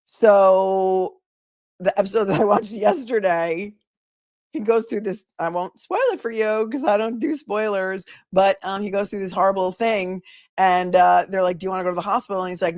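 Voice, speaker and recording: A woman attorney hosting a casual livestream, telling stories in a chatty, animated way and talking to her chat. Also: medium pitch, normal speed, dry recording, studio quality. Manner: chatty, animated storytelling, reads chat aloud.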